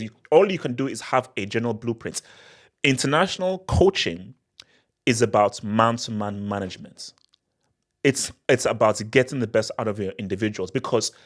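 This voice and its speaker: A man hosting a casual live question-and-answer stream, talking in an animated way with many restarts and frequent laughter. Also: medium pitch. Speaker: football channel host.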